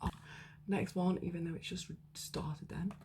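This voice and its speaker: A woman's voice: lowish voice, fairly even intonation, a little slow, dark tone, slight background noise. A young woman chatting casually to camera in a vlog, rambling with lots of fillers. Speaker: vlogger. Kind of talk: casual chat.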